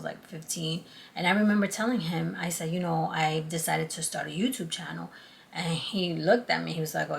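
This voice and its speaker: A woman's voice: fairly low pitch, vocal fry, a bit bright, slight background noise. A middle-aged woman chatting earnestly to her channel's viewers, acting out past conversations as she goes. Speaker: YouTube channel host. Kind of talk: casual talk to camera.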